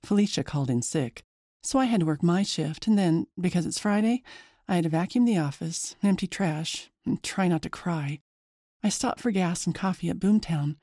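Her first-person storytelling is lively and chatty, delivered at a moderate pace. She has a mellow, mid-pitched voice, and the recording sounds dry and close-miked.

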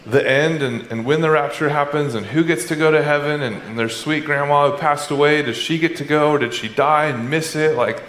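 A man preaching a sermon as pastor, animated, acting out the voices of his listeners. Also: mid-range voice. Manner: animated, acts out congregants' voices. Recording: echoey church hall, faint background noise.

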